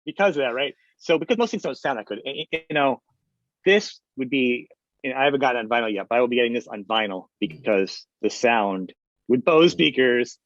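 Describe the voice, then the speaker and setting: A man in his fifties hosting a podcast interview, enthusiastic and talking in quick bursts. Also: mid-range voice, expressive, dry recording. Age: 50s. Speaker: podcast host. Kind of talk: casual interview chat. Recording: dry, slightly dull recording.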